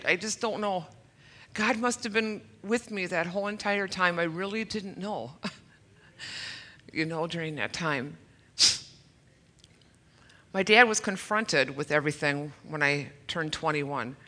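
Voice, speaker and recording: A woman's voice: on the low side, measured pace, pauses often, pushed and bright. A woman in her fifties giving a personal testimony at a church service, earnest and emotional, a little nervous, with flashes of self-deprecating humor. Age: 50s.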